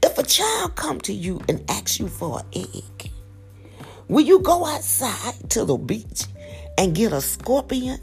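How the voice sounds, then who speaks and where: A middle-aged woman with a raspy morning voice, preaching a sermon with passion, dropping to whispers and rising to cries. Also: a little high, big pitch swings, a little slow, soft background music. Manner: impassioned preaching, swinging between hushed whispers and loud cries.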